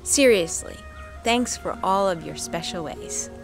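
A wife narrating a playful home tribute video. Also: female voice, fairly low pitch, lively intonation, unhurried, creaky, over music.

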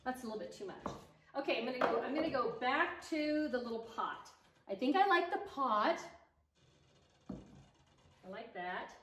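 An enthusiastic woman with a fairly high voice chats about her decor projects while arranging them. She sits back from the mic in an echoey room, with a faint hiss behind her. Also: animated, moderate pace, long pauses. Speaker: home decor DIY vlogger. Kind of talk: chatty decorating vlog. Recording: roomy echo, distant mic, faint noise.

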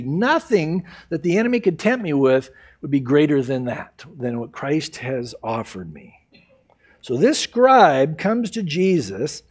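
A man preaching an expository sermon as pastor, emphatic and animated, acting out the people he quotes. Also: sits high. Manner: acts out quoted people in varied voices.

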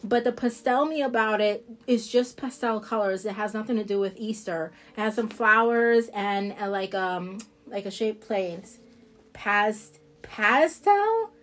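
A woman's voice: medium pitch, steady tone, normal speed, few pauses, fairly bright tone, soft background music. A woman with a New Jersey accent chatting casually to viewers as she shows off nail products, rambling and laughing easily. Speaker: independent nail product seller. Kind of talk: casual live product showcase.

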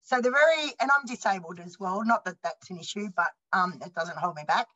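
A woman in her fifties with an Australian accent, telling a story on a panel bluntly and with lively acted-out dialogue. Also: mid-range voice, a little fast, dull audio. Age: 50s. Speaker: panelist and university student.

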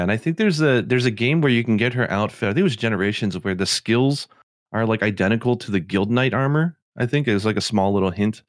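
A man's voice: lowish voice, no echo, studio quality. A middle-aged man co-hosting a podcast, chatting casually and rambling with lots of filler words. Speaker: podcast co-host.

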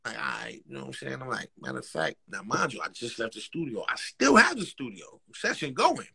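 Medium-pitched with vocal fry and a breathy edge, a New York rapper talks a little fast in a casual interview. He tells slang-heavy street stories, acts out quotes, and laughs a lot.

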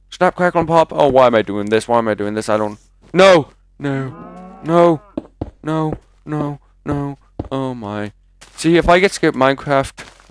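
A man's voice: mid-range voice, a little hiss or hum. A man giving rambling live commentary while playing a video game, chatty and prone to jumpy exclamations. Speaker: gaming commentator. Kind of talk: live let's-play commentary.

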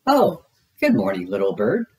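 A man voicing a gentle, cheerful, honey-loving bear in a storybook read-aloud, with a soft, childlike manner. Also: medium pitch, big pitch swings, normal speed. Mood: wistful cheer.

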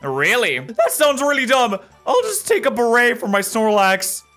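A man doing casual gameplay commentary as a YouTuber, chatty and upbeat with quick asides, recorded at home in front of a green screen. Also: very high-pitched, big pitch swings, bright, forceful tone, faint music behind. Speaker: gaming YouTuber.

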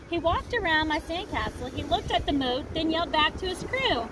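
A woman reads a children's picture book aloud with lively, expressive delivery. Her voice sits high and moves around a lot, in a noisy outdoor recording by a lakefront. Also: brisk, hardly any pauses. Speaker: storybook reader.

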